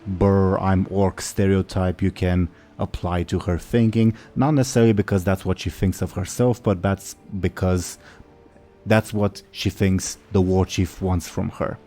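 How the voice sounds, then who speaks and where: A man's voice: low voice, fairly even intonation, moderate pace, dark tone, soft background music. A man narrating as game master of a tabletop role-playing game, explaining rules and describing scenes. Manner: explains rules and voices orcs in quoted lines.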